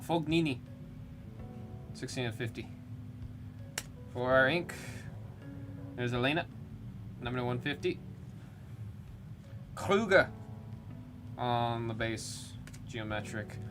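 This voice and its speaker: A man hosting a live card-opening stream, chatting casually and rambling between calling out the names of cards as he pulls them. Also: mid-range voice. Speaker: live card break host. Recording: music playing under the voice. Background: background music.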